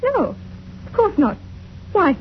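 Earnest young daughter, soothing, high and expressive, muffled old radio sound. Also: female voice, slow pace, slight background noise, full character voice. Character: earnest young woman, the vicar's level-headed daughter. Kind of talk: 1940s radio acting. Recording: dull old radio recording.

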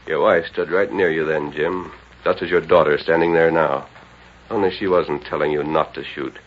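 An actor playing a calm, commanding Texas lawman hero in a radio drama, with steady, persuasive speech and a dull lo-fi sound. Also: a bass voice, normal speed, a little hiss or hum. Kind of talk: 1930s radio drama acting. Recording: dull lo-fi old radio broadcast.

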